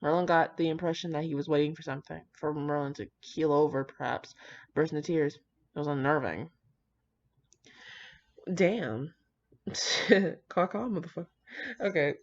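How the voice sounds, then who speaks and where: A young woman with a low-pitched, darkish voice reads fan fiction aloud at a moderate pace with long pauses. She keeps breaking off into giggly, profane, gushing asides as she casually reads and reacts. The home recording is dull and lo-fi.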